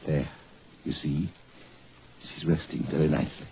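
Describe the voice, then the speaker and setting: An actor playing a fussy, rational family doctor in 1940s radio acting, soothing one moment and flustered the next. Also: male voice, a bass voice, normal speed. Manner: soothing, then flustered and excitable. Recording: dull old radio recording with faint hiss.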